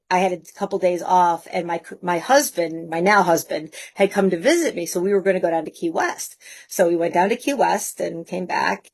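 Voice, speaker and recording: Woman in her 50s spinning funny stories, bit low pitched, laughs a lot. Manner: lively anecdotes with frequent laughs. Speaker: guest. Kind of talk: casual storytelling.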